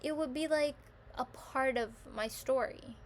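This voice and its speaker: A woman in a casual vlog monologue, a bit higher-voiced than most, rambling through her thoughts with a steady stream of "like." She turns lively whenever she acts out her own inner voice. A faint hum of room ambience sits behind her. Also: measured pace. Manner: rambling and self-reflective, heavy use of "like"; animated when quoting her own thoughts. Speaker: vlogger.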